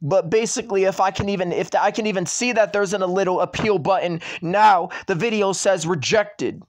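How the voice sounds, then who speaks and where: A channel owner with a noticeably high-pitched voice rants straight into the camera for his YouTube audience, speaking briskly. He keeps circling back to the same complaints and swears freely throughout.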